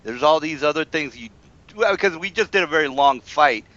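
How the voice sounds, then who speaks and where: A man running a tabletop game as dungeon master, rambling and filling pauses with "uh". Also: fairly high pitch, lively intonation, fairly bright tone. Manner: rambling, lots of fillers. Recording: dull, lo-fi sound.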